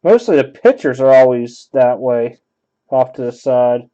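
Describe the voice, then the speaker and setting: Here a card-break host talks in a mid-range, mellow voice that's very animated yet a little slow. He muses aloud and tosses out loose commentary while tearing open packs, all captured on dull-sounding audio.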